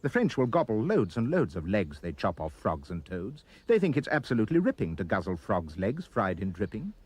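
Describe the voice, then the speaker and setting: A man reading a rhyming children's poem aloud with expressive, sing-song delivery. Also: on the low side, fairly quick, slightly rough. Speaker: reader.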